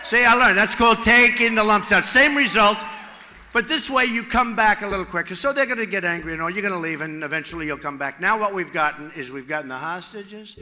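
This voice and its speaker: A man giving a campaign rally speech off the cuff, repetitive and boastful, swinging from loud shouts to hushed asides at a podium microphone. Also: high voice, brisk. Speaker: political candidate at a rally. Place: large rally venue with crowd. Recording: echoey rally hall with long reverb.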